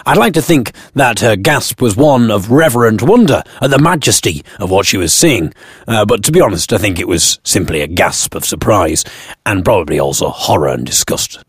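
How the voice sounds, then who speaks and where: A man's voice: lowish voice, animated, moderate pace, slightly rough, no room sound, studio quality. A British man telling a comic first-person story from his blog, full of wry, self-mocking asides. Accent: British English. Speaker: blogger narrating his own story.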